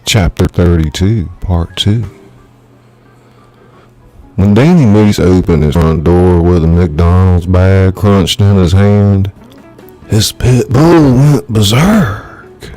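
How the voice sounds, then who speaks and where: A man, an author, reading his own thriller novel aloud in measured, dramatic storytelling. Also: low voice, warm tone, faint music behind. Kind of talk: live audiobook narration.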